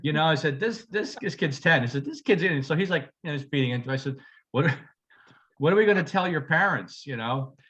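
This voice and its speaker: Male podcast co-host, bright forward voice, rambling anecdotal delivery, lo-fi sound. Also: a little high, fast. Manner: rambling storyteller, laughs often, restarts. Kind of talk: casual chat.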